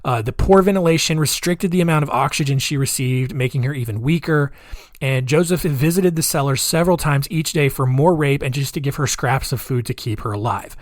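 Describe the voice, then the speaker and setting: A man's voice: mid-range voice, a little fast. A man hosting a solo podcast, telling a crime story casually with many fillers and offhand asides. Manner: conversational, with filler-heavy asides. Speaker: podcast host.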